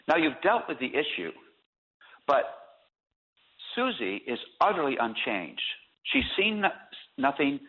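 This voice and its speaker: A man speaks as an interview guest and lets his voice swing widely while he acts out little scenes. He talks at a middle pitch. The sound comes over a thin, phone-like line. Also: unhurried, pauses often. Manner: animated storytelling with acted examples. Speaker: author and guest. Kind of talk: radio interview. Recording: tinny phone-line audio.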